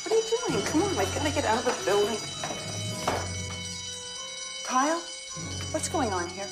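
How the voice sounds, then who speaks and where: An actress playing a stern woman running a children's shelter, sharp and scolding. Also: on the high side, very animated, normal speed, over loud music. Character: stern adult woman shelter manager, exasperated. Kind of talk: film dialogue. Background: loud film score.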